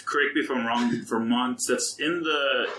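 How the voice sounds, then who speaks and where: A man's voice: medium pitch, fairly even intonation, normal speed, bright, forceful tone. A man hosting a casual chat over beer, prodding and teasing his guest with questions. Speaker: host. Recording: roomy with background noise.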